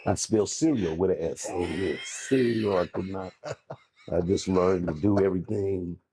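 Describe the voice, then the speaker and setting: A man's voice: low-pitched, moderate pace, warm tone, a little hiss or hum. A man, a comedian guest, telling rambling comic stories in casual chat and acting out little voices along the way.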